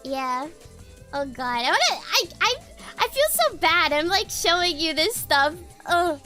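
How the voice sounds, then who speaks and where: Very high-pitched giggly young woman streamer. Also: very animated, a little slow, pushed and bright, soft background music. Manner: giggly, rambling, laughs often. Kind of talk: casual stream chat.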